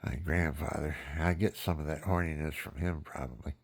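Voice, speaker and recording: A man's voice: extremely low pitch, fairly even intonation, normal speed, husky. A man in his seventies telling rambling, frank family stories in a meandering, chuckling way. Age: 70s. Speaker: vlogger. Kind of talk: rambling personal storytelling.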